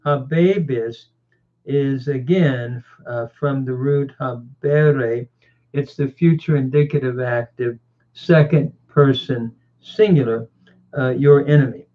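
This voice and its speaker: A man giving a slow, deliberate grammar lecture on scripture, pausing often with fillers as he parses words. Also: medium pitch. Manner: deliberate, halting, with many "uh" fillers. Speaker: teacher of biblical languages. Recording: tinny phone-like sound.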